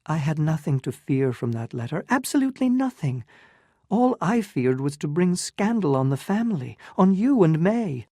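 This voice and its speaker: A woman's voice: sits low, sing-song, moderate pace, mellow, no room sound, studio quality, voice pushed up. A narrator voicing a proud, wounded young woman in love, pleading and emotional in a storybook reading.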